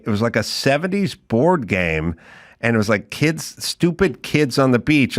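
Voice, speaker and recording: A man's voice: medium pitch, fairly bright tone. A middle-aged man hosting a podcast, telling stories in a wry, sarcastic, chatty way. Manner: wry, sarcastic storytelling with quick interjections. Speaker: podcast host. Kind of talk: casual chat.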